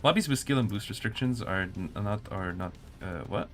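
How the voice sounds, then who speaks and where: A man's voice: lowish voice, expressive, normal speed, a bit bright, soft background music. A man working as a community manager, casually chatting with viewers and commenting on a match during a live stream. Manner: casual, answers chat while spectating a match.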